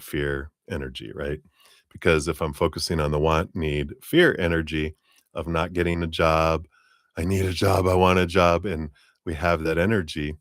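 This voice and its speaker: Brief: middle-aged male tarot reader, deep dry voice, loose rambling delivery. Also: dry recording. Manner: rambling, with tag questions and chuckles. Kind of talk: live-stream tarot reading.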